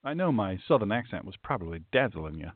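A man's voice: lowish voice, fast talker, slightly rough, no echo. Male pastor-commentator, emphatic and indignant, dry close sound with no room. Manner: emphatic and indignant, animated asides. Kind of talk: opinion commentary reading legal text aloud. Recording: tinny phone-like dry sound.

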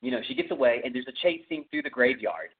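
A man's voice: mid-range voice, sing-song, quick pace, slightly rough. A man with a Texan accent hosting a podcast, casually retelling a horror movie's plot in a rambling way full of fillers. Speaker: podcast host. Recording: tinny phone-like audio.

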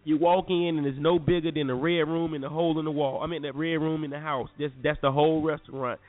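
A man's voice: a little high, fast talker. Man telling a road-trip story. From North Carolina. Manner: animated, slangy, addresses listeners as y'all. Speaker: podcast host. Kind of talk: casual storytelling. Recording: phone-like lo-fi audio with faint music.

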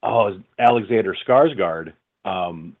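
A man on the low side of the pitch range talks at a normal speed in a casual interview, peppered with fillers and restarts. He works in voice-over and audiobook narration, and the recording sounds tinny, like a phone call.

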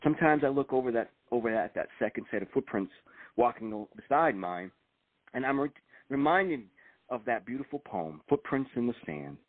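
A man's voice: mid-range voice, lively intonation, dry recording. An older man, a retired agent and author, speaking reflectively in an interview and reading aloud from his book. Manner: soft-spoken, reflective, halting restarts. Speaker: guest author. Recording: tinny dry phone-like line.

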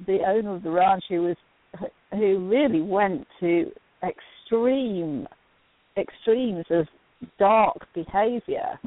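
A woman hosting an interview, chatty and quick to laugh. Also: mid-range voice, no room sound. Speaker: host. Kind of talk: interview chat. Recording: dry phone-like line.

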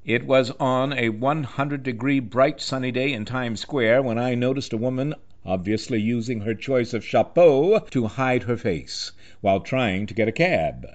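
A man's voice: medium pitch, a little slow, few pauses, muffled recording. A man hosting a talk radio show, reading a scripted political commentary in an impassioned, rhetorical way, building long lists.

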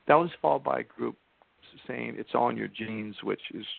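An older man telling his story as a podcast guest, slowing down to stress key points. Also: medium pitch, gravelly. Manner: emphatic, slows down for key points. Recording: tinny phone-line sound.

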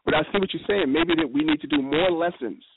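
A man speaking as a guest in a casual radio discussion, telling stories with quick, animated quoted dialogue. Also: very high-pitched, gravelly. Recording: noisy phone line.

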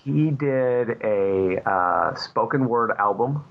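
A man's voice: medium pitch, lively intonation, takes it slowly, gravelly, lo-fi sound. A man who is a comic book artist, a guest chatting casually and rambling with many fillers. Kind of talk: casual chat.

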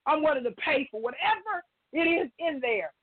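A woman's voice: sits high, animated, normal speed, dry recording. Impassioned woman caller on a phone line. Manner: impassioned, preaching cadence. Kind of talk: emotional call-in talk.

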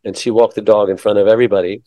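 A man hosts a casual interview, telling a story in a chatty, halting way with plenty of fillers. His voice is mellow and warm at a middle pitch, recorded close and dry with no room sound. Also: flat delivery, dry recording. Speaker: interview host.

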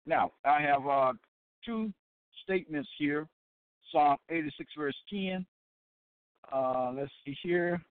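A man's voice: a little high, clean tone. Man teaching scripture over a tinny line. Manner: deliberate and repetitive, with many fillers and check-ins. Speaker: Bible teacher. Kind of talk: sermon-style Bible lesson. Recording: tinny phone-like line, dry.

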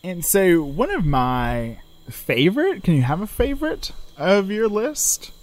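A man co-hosting a casual true-crime podcast, telling the story with dark humor. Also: sits high, unhurried. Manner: storytelling, animated, darkly joking. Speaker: podcast co-host.

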